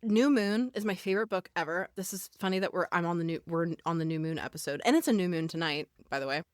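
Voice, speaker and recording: A woman's voice: on the low side, quick pace, dry recording. Podcast guest, woman, emphatic fan gush with swearing, dry close mic. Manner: gushing, emphatic, swears freely. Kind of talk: casual chat.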